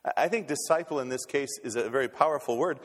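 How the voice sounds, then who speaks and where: A man's voice: mid-range voice, quick pace. A man preaching a sermon as pastor, folksy and stumbling on repeated words as he restarts. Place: church sanctuary. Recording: long reverb in a church hall.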